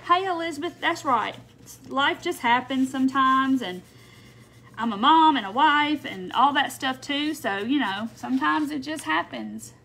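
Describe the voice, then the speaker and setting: A middle-aged woman chats through a home craft live stream, greeting viewers one after another. Her voice sits high and sounds bright and forceful, and she talks casually as she works. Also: unhurried, creaky. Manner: chatty, greets commenters by name while working.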